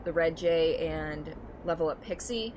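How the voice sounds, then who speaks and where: A young woman streams a game from home and chats easily with her viewers, often breaking into laughter. Her voice sits a little low, and a steady hum of noise runs under her mic. It sounds like a casual, unscripted gaming stream. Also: a little slow. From Michigan, United States. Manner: chatty, laughs often, talks to chat. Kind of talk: casual gameplay stream chat.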